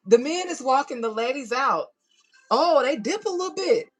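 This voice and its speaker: A woman hosting a podcast in a casual chat with listeners, laughing a lot and swinging between hushed asides and loud outbursts. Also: high-pitched, animated, normal speed. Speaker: podcast host.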